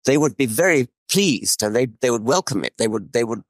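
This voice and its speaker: A man's voice: mid-range voice, expressive, a little fast, no echo. A man hosting a conversation, hesitant and often repeating words as he thinks. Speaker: host. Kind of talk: casual chat.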